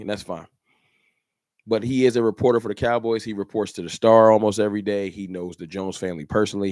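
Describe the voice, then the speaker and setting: A man's voice: on the low side, darkish tone, dry recording, clean studio sound. A man hosting a fan channel livestream, ranting in an emphatic, repetitive, slangy way. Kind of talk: livestream rant.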